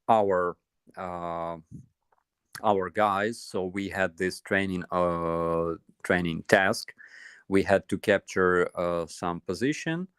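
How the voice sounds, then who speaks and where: Slow, hesitant Ukrainian man. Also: fairly low pitch, smooth, dry recording, studio quality. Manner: hesitant, many pauses and fillers. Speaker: guest soldier. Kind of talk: casual chat, storytelling.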